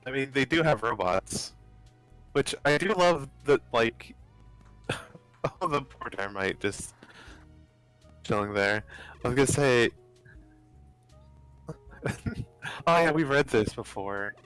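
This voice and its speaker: A man hosts a let's play in a casual, rambling chat, breaking into laughs as he goes. His voice sits at an ordinary middle pitch. Faint game music runs underneath. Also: expressive, slow pace, long pauses, a bit bright, poor audio.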